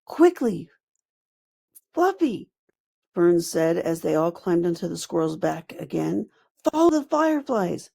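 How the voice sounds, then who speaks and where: A woman voicing a cheerful young female fairy, bright and eager. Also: on the low side, very animated, a little slow, creaky, pauses often, husky, exaggerated voice. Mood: urgent.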